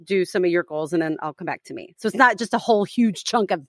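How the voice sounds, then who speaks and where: A woman's voice: on the low side, fast talker, a bit bright, dry recording. Chatty woman podcast host, dry sound. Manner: chatty, teasing, lots of fillers and restarts. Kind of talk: casual chat.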